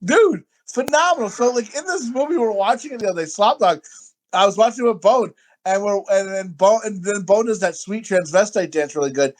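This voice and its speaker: A man co-hosting a casual podcast chat, crude, rambling and excitable, often talking over others. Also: sits high, brisk. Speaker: podcast co-host.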